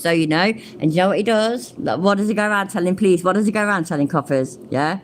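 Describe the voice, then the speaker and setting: A woman's voice: lowish voice, animated, fast talker, few pauses, a little hiss or hum. A woman hosting a reaction commentary, blunt, sweary and mocking. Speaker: commentary channel host.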